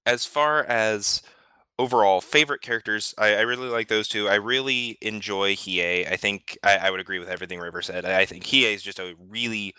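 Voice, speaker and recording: A man with a lower voice that sounds very bright and crisp talks casually on a podcast. He is enthusiastic and often stammers when he restarts a sentence. The recording is dry and close. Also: brisk, dry recording. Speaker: podcast panelist. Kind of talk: casual discussion.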